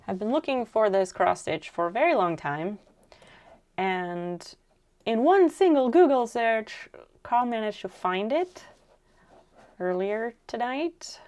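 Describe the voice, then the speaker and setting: A woman's voice: a little high, expressive, slow, darkish tone. A woman streaming live while she crafts, musing aloud as she works and answering her viewers' chat in a casual way.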